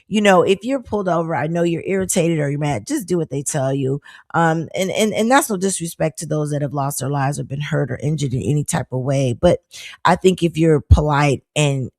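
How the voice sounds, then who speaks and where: Woman, middle-aged, podcast host, chatty, gravelly voice, dry close sound. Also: deep voice, no room sound. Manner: chatty, animated, frequent laughs and fillers. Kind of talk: casual live-show chat.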